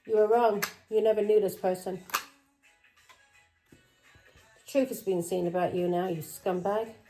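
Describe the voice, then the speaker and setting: Accusing woman tarot reader, warm voice. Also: on the low side, poor audio. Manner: accusing, confrontational, keeps asking "Yeah?". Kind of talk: tarot reading monologue.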